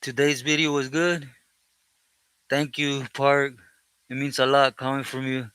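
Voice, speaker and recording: Smooth, resonant and sharp in tone, this man's medium-pitched voice stays unhurried with little pitch movement. Hosting a casual live stream, he reads chat, greets each viewer by name, drifts between English and Spanish, and gratefully keeps praising and thanking God. The sound is dry and close, with no room echo.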